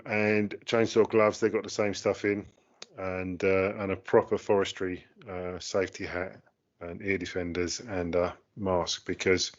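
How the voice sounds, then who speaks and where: Chatty British-slang man, low voice. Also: dull audio. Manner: chatty, British slang, many fillers and restarts. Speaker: co-host. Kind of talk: casual chat.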